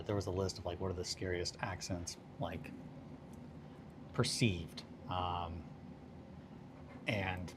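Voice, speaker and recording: Over a noisy background, a young man with a low voice rambles through stories during a casual stream chat, cursing a lot and suddenly getting excited.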